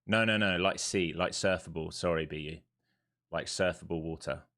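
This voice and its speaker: A laid-back man with a London accent talks loosely on a live trading stream. His voice sits very low and deep. He speaks bluntly and chattily, with the odd swear word. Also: moderate pace, a bit bright. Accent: London English. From London, England. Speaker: live-streaming day trader. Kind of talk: casual live-stream chat and market commentary.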